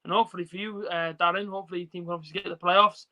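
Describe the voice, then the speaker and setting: A man's voice: high voice, little pitch movement, racing, sharp tone, low-quality recording. A man casually chatting on a football watch-along live stream, reading out viewer comments with lots of fillers. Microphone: phone.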